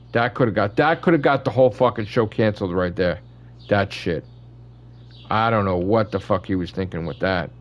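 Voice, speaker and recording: A man hosting his channel, ranting in casual fan commentary with blunt opinions and constant swearing. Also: low-pitched. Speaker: channel host.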